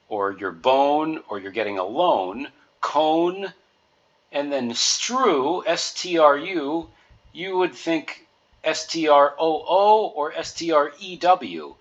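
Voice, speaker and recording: A man slowly talking through a pronunciation guide, giving patient explanations with everyday example words. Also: a little high, fairly bright tone. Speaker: music teacher. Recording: dull lo-fi recording.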